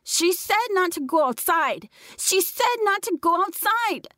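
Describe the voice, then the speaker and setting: A woman's voice: very high voice, lively intonation, unhurried, sharp tone, dry recording, clean studio sound, voice pushed up, full character voice. A woman voicing a frantic six-year-old boy who shrieks and pleads for help. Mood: panicked pleading.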